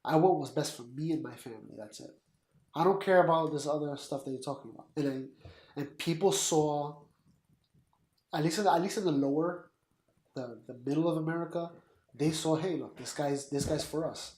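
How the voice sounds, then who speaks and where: A man's voice: fairly high pitch, moderate pace, long pauses, a little mellow. Blunt, opinionated man in an echoey room. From Puerto Rican. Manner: blunt, opinionated, talks in quoted asides. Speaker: podcast co-host. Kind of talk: casual political chat.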